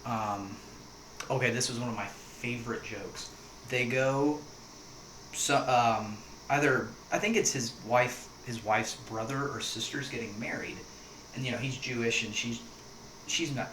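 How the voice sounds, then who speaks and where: A young man hosting a casual podcast chat, telling stories and acting out the quotes. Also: mid-range voice. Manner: animated storyteller, acts out quotes. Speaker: podcast host. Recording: echoey room with noise.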